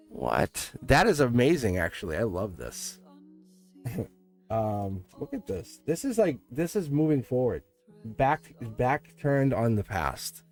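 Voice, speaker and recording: Gravelly, animated man reading tarot. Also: medium pitch, slow pace, soft background music. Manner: chatty, answers live chat, laughs often. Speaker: tarot reader. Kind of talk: live-stream tarot reading.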